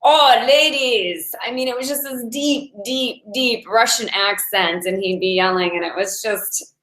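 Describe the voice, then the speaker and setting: A woman's voice: mid-range voice, steady tone, moderate pace, pushed and bright. A woman in her forties, a Taoist meditation teacher, giving a casual inspirational talk in a chatty way and laughing often as she tells stories. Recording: roomy echo.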